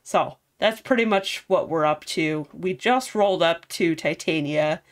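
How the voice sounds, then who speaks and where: A woman's voice: lowish voice, unhurried. A woman casually recapping a video game story, chatty and rambling. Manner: chatty, rambling, lots of fillers. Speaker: game streamer.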